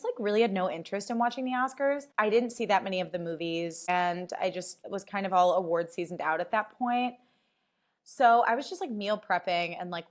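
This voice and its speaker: A woman hosting her own podcast, telling stories in a casual, animated way, full of fillers and swearing, and acting out the voices she quotes. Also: fairly low pitch. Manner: chatty, filler-heavy, swears freely. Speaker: podcast host. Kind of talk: casual chat.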